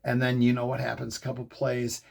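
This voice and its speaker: A middle-aged man hosting a fan show, telling a rambling, excitable story in casual commentary. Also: mid-range voice, a little fast. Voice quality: gravelly, husky.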